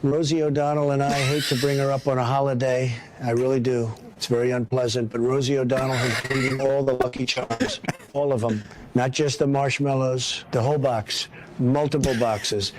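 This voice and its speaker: A man doing a comic impression of a boastful male president, bragging in repetitive superlatives with a deadpan delivery. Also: medium pitch, moderate pace, a crowd in the background, lightly acted. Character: boastful rambling male president, self-praising. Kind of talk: comedic impression sketch.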